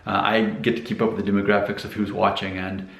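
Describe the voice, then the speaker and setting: A man's voice: lowish voice, little pitch movement, fast, gravelly, reverberant. An American man talking casually to camera in a rambling, self-promoting vlog about hair. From United States. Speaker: vlogger giving hair advice.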